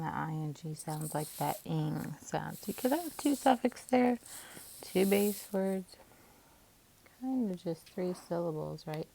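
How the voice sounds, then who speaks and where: A woman teacher calmly walking through syllable division, sounding out each part of a word. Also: fairly low pitch, measured pace, vocal fry, a little hiss or hum, low-quality recording. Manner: calm, methodical, sounds out syllables. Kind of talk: phonics lesson, syllable division.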